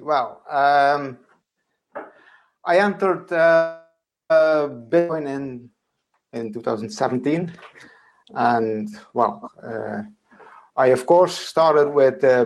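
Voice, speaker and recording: A man's voice: on the high side, takes it slowly. A man from the Netherlands with a Dutch accent, a guest in a casual chat, hesitant with many fillers.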